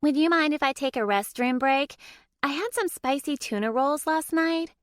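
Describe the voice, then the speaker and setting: A woman voicing a nervous young female court reporter in an audiobook, talking in a high, apologetic rush. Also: animated, normal speed, dry recording, clean studio sound. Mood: sheepish.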